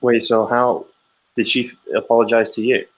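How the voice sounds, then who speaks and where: A man's voice: mid-range voice, moderate pace, low-quality recording. A man in his thirties, a podcast co-host, telling stories in casual chat and acting out quoted lines. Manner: animated storyteller, acts out quoted lines loudly.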